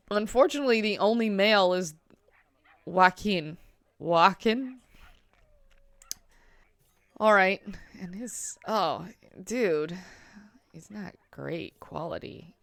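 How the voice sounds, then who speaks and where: A woman talks through her zoo-building game in a relaxed, unhurried way, fillers scattered throughout her commentary. Her voice sits a little low for a woman. The sound is dry and close, with no room behind it. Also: dry recording. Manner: chatty, talking to herself and the animals, filler-heavy. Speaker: gameplay streamer. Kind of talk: casual gaming commentary.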